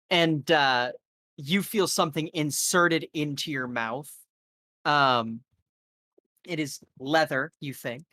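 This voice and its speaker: A man's voice: a little high, slow pace, pauses often, pushed and bright, no room sound, clean studio sound. A man serving as game master, narrating a horror scene in a loose style full of fillers.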